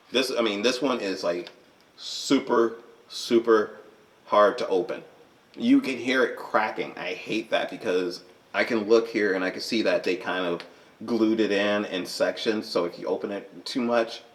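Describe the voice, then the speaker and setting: Rambling, animated man with a lowish voice. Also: measured pace. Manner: rambling and animated, with frequent fillers and self-corrections. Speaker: collector reviewing his movie collection. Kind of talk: unscripted casual vlog.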